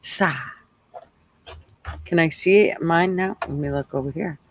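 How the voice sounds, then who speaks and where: Brief: male stream host with casual wry commentary, slow and a bit high-voiced, dry room.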